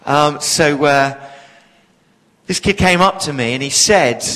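A man's voice: on the high side, slow, long pauses, fairly bright tone, big-room sound, poor audio. A man, preaching a sermon with humorous storytelling. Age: 40s.

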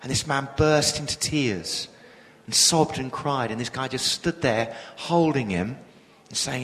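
A man's voice: medium pitch, a little slow. Man preaching, storytelling in a reverberant hall. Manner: storytelling, animated, drops to a hush for emotional moments. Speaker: preacher and police chaplain. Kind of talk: sermon.

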